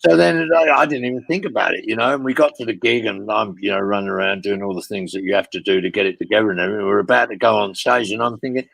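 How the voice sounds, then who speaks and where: A man's voice: fairly low pitch, fast talker, vocal fry, hardly any pauses, a bit bright, dry recording, rough recording. An older man telling long rambling road stories in a casual interview, swearing freely and padding with "you know what I mean". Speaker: guest storyteller.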